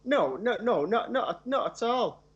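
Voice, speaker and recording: A man with a Manchester accent argues his point on a sports phone-in, his fairly high voice coming through a dull, lo-fi line. He stammers and restarts constantly but keeps pushing. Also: lively intonation, a little slow, husky. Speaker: phone-in caller, City fan. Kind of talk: heated sports phone-in argument.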